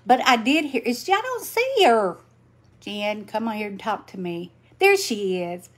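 Older woman, slow folksy livestream host, tired, slightly high voice, faint hiss behind. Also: very animated. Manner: folksy, chatty, greets viewers by name. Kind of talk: casual livestream chat while crafting.

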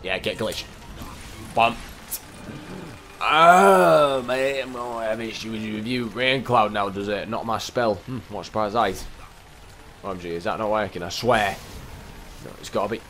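Rambling lowish-voiced lad. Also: male voice, moderate pace, slight background noise. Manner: excitable, rambling, talks to the game characters. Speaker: gameplay commentator. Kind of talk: casual let's-play commentary.

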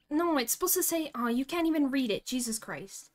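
A young woman streaming a game live, excitable and giggly, talking to herself as she plays. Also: high-pitched, normal speed.

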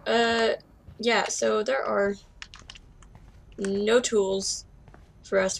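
A woman's voice: medium pitch, steady tone, takes it slowly, creaky, long pauses, slight background noise. A woman casually commenting as she plays a video game, playful and chatty, throwing in "dude" and "like". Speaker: let's play gamer.

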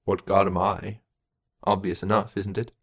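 A man voicing a weary, distracted male character who speaks in a quiet murmur, in an audiobook. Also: little pitch movement, normal speed, creaky, slightly rough, exaggerated voice. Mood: subdued. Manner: low, murmured, subdued.

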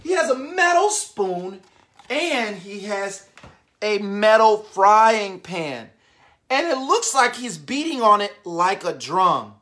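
A woman reading a picture book aloud to young children, animated and constantly asking the listeners questions. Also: mid-range voice, slow.

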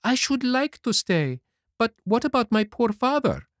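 A man voicing an excitable, naive wooden puppet boy in a high, boyish way, for a storybook reading. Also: unhurried, no room sound, clean studio sound, heavily acted. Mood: eager.

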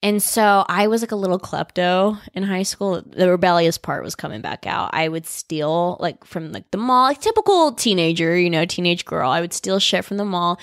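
A young woman from California telling a story as a podcast guest, animated, full of "like" fillers and casual swearing. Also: fairly low pitch, normal speed, hardly any pauses, no echo, studio quality. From Visalia, California. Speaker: podcast guest, actor and comedian.

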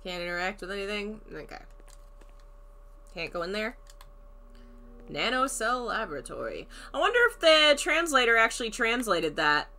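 A woman's voice: medium pitch, very animated, normal speed, pauses often, bright, forceful tone. A woman streaming a horror game, chatting casually, thinking aloud, greeting viewers and laughing often. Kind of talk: casual let's-play commentary.

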